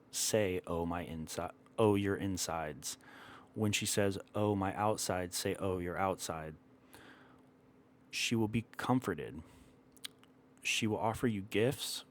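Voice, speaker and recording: A man reading the lines of an ancient male god who gives calm, exact instructions in a measured, instructive way. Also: fairly low pitch, a little hiss or hum, close to an everyday voice.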